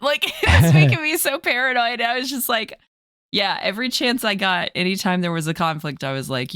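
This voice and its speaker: On a casual podcast, a woman player chats about a tabletop game, telling animated stories and laughing often. Her medium-pitched voice is clear and resonant and a little fast, recorded in studio quality with no room sound.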